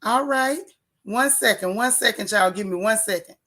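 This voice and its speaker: A woman's voice: medium pitch, normal speed, a bit bright. A woman hosting a casual live stream, chatting with her viewers and greeting them by name in a loose, chatty way. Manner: chatty, Southern-tinged African American vernacular, frequent "child" and "y'all". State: out of breath. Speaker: live-stream gossip host.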